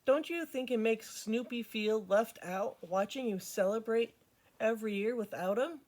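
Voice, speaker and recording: Woman doing a bossy girl, scolding, sharp-tongued, slightly raised voice. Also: on the high side, normal speed, lightly acted. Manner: scolding and complaining.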